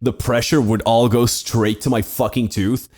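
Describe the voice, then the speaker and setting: A man's voice: mid-range voice, flat delivery, moderate pace, darkish tone. Joking, swearing podcast co-host man. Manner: loose, joking, heavy swearing. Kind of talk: casual chat.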